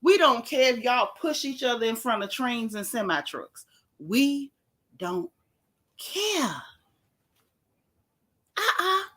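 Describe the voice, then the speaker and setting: An exasperated woman rants on a livestream, hammering her points home with repetition. She speaks, with a bright, slightly high voice. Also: big pitch swings, normal speed, few pauses. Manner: exasperated, emphatic, dramatic repetition. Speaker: podcast host. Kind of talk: casual livestream rant.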